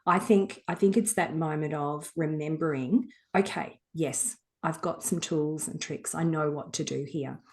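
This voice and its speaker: A woman's voice: sits low, steady tone, measured pace, few pauses. A woman, a guest author talking frankly and reflectively in an interview. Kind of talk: casual interview talk.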